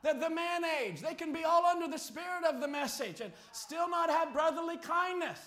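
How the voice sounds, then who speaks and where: A man preaching a sermon, telling a story and rising to shouted appeals. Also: extremely high pitch, normal speed. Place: church. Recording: echoey church hall.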